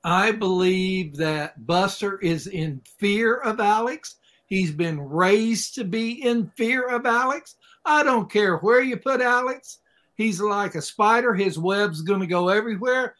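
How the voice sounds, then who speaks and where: Slow-talking high-voiced man from Oklahoma. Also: a bit bright. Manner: unhurried, folksy imagery. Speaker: guest expert. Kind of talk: casual chat.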